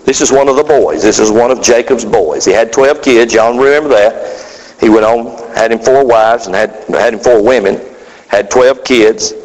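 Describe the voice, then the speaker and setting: A man preaching a sermon in a folksy, animated way, acting out the voices he quotes. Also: medium pitch, moderate pace, lo-fi sound. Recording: long hall reverb.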